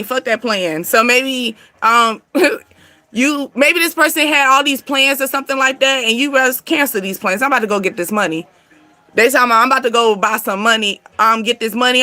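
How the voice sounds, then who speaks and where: A woman's voice: on the high side, pushed and bright. A woman giving a casual spiritual reading to her viewers, chatty and slangy, laughing often and talking straight to them. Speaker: spiritual reader and channel host.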